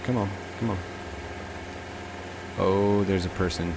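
A man's voice: low-pitched, fairly even intonation, measured pace, long pauses, very noisy. A man giving casual, rambling commentary while playing a video game, talking to himself and the game. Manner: chatty, talks to himself and the game.

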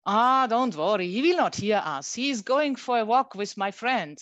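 A woman's voice: a little high, lively intonation, moderate pace, a bit bright, no echo, highs cut off, voice pushed up. A woman voicing a pushy young southern Italian man who coaxes in broken English. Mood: coaxing. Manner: broken English, insistent and coaxing.

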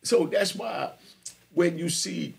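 Gravelly man telling street stories. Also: high voice, slow pace. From Jamaica. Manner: street-talk storytelling, keeps asking "you understand?". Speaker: podcast host. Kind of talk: storytelling on a live stream.

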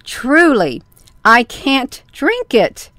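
A woman's voice: on the high side, expressive, unhurried, no echo, studio quality. A woman voicing a whining, stubborn wooden puppet boy in a storybook reading. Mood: wailing. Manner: whining, wailing protests.

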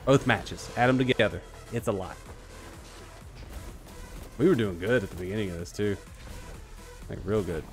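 A man giving live commentary while playing an online shooter, excitable and joking, trash-talking his opponents. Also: lowish voice, moderate pace, long pauses. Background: faint background music.

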